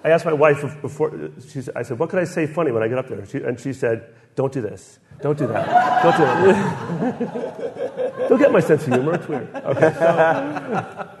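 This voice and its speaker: A man's voice: a little high, very animated, brisk, over a noisy crowd. A man on a podcast panel, rambling through his reasoning with self-deprecating jokes. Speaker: guest panelist. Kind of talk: casual banter.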